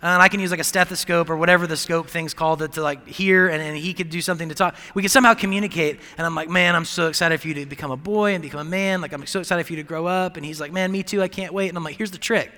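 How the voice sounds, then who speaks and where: Bright-voiced man preaching in a hall. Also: on the high side, steady tone, very fast, hardly any pauses. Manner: conversational, rambling with many fillers and restarts. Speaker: pastor. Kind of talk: sermon. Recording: long hall reverb.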